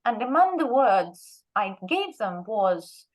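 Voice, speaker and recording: Animated woman telling teaching stories. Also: a little high, slow pace, poor audio. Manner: lively storyteller who acts out quoted speech. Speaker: guest lecturer and Russian teacher. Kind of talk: anecdotal workshop talk.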